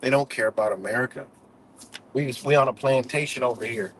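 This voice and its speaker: On a low-quality recording, a male livestream host rants with heat and profanity, leaning on "you know" between points. His voice is medium-pitched, a bit bright and husky, moving at a fairly quick pace.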